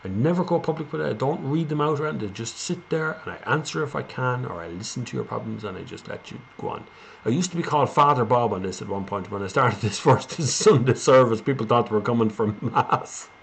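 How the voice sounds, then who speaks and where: A man's voice: mid-range voice, a little fast, gravelly. Irish male streamer, mid-range voice, loose rambling chat with viewers, slight hiss behind. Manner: rambling, chatty, reads viewer comments aloud. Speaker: live stream host. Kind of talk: casual live-stream Q&A chat.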